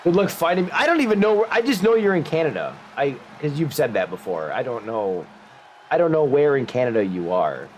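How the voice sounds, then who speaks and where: A man's voice: on the high side, fairly quick, a little hiss or hum. A man from the Upper Midwest, hosting a stream in casual chat and telling rambling, joking stories. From Upper Midwest United States. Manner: rambling storyteller, animated and joking. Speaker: streamer host.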